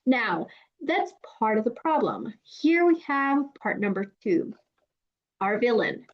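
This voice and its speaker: A young woman with a Mexican accent explains a language lesson in a clear, measured way, slowing down to stretch her example phrases. Her voice sits a little high, and the recording sounds dull and lo-fi. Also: big pitch swings. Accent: Mexican Spanish. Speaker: Spanish teacher.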